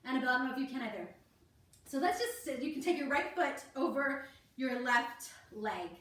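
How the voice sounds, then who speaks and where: This kids yoga teacher has a high-pitched, slightly bright voice with lively intonation and a slightly fast pace. She walks the children through each pose step by step with plenty of encouragement, captured on a distant mic in an echoey room.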